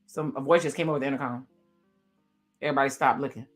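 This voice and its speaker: A woman hosting a reaction video, recapping a TV episode in a chatty, expressive way and reading character lines aloud. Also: rumbling low, fast talker, soft background music. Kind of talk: casual commentary recapping a TV episode.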